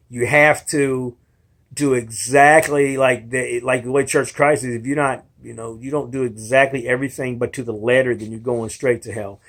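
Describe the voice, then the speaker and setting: A young adult man talking in a casual rambling monologue, argumentative and frustrated, with many restarts. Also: mid-range voice. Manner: rambling, restarts often, mimics others in quotes. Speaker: video blogger.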